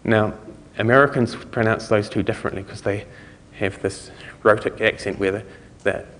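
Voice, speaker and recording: A man with a New Zealand accent speaks at normal speed in a low-leaning, steady, fairly bright voice, with slight background noise. His conference talk in the lecture hall is rambling and loose, full of fillers, restarts and chuckling asides, and the hall has long reverb.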